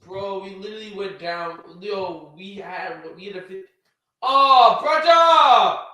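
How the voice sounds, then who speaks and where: A man co-hosting a casual sports podcast, excitable and prone to loud outbursts. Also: high-pitched, normal speed, no echo, rough recording. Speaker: podcast co-host.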